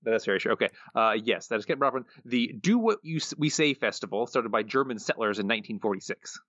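A man's voice: mid-range voice, animated, fast talker, fairly bright tone, no room sound, highs cut off. A man co-hosting a casual podcast, laid-back and dryly understated while running a trivia quiz. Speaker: podcast co-host.

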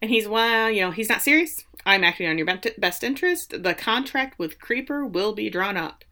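A woman's voice: medium pitch, expressive, normal speed, pushed and bright. A woman co-hosting a casual podcast, recapping a TV episode in a wry, sarcastic way with mock voices for the characters. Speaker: podcast co-host.

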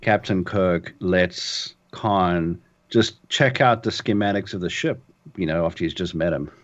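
A man's voice: sits low, measured pace. A man co-hosting a casual podcast chat, hesitant and stumbling over fillers, on a dull lo-fi mic. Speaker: podcast co-host.

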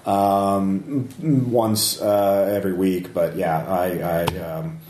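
A man voicing a nervous, stammering male businessman in a tabletop game, his voice flustered and jumping higher when he panics. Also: steady tone, takes it slowly, a little mellow. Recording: echoey room, faint noise.

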